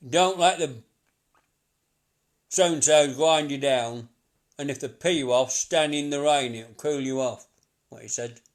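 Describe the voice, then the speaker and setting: A middle-aged man working as a psychic medium, giving a live reading to a sitter in a chatty, repetitive way, laughing often. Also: medium pitch.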